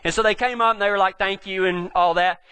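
A man with a West Texas drawl preaches in a high voice, wandering through cowboy yarns with plenty of jokes. His tone is bright and forceful, and his speech is packed with ranch slang. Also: fairly even intonation, quick pace, smooth. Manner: folksy, rambling, joking, with cowboy slang. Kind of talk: storytelling sermon to a live audience.

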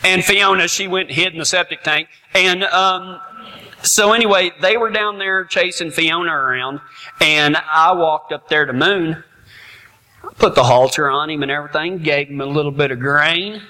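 Male preacher, middle-aged, folksy laughing storyteller, high and bright voice. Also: normal speed. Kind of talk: storytelling sermon.

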